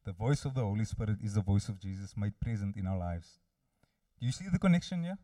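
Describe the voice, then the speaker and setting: Low, mellow-voiced male preacher. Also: animated, quick pace, dry recording, clean studio sound, recorded from a distance. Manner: earnest, direct address to listeners. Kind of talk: sermon.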